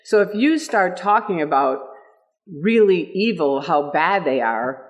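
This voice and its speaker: Woman in her 60s, speaker at a meetup, animated storyteller who laughs often. Pitch swoops widely. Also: a little slow. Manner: lively, laughing, acts out quotes.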